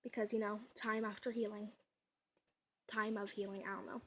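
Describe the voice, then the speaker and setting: A woman's voice: mid-range voice, flat delivery, moderate pace, a bit bright, slight background noise. A young woman vlogging at home, chatty and giggly, rambling with lots of fillers, her voice a little off. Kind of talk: casual home vlog. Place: at home indoors. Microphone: camera mic.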